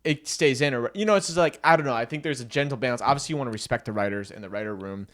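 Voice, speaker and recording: Quick-talking male podcast host. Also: medium pitch, fairly bright tone. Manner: chatty, agreeable, thinks aloud. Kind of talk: casual podcast chat.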